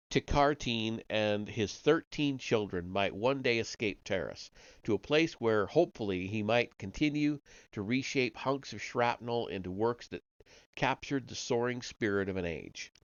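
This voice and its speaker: A low-voiced man reads a science-fiction story aloud on a live stream, relaxed and conversational, fixing his slips as he goes. The recording is dry and a little muffled, with no room sound. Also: measured pace, dry recording. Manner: casual first-person reading with slips and restarts. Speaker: host reading stories aloud.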